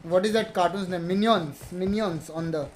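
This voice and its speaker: A man's voice: high voice, normal speed. A man, live-streaming a game, teasing his teammates and answering chat. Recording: noisy game stream audio.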